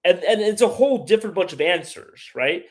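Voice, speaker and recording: A man's voice: high-pitched, expressive, brisk. A man hosting a casual live stream, rambling and opinionated as he reads chat aloud and answers it. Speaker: livestream host.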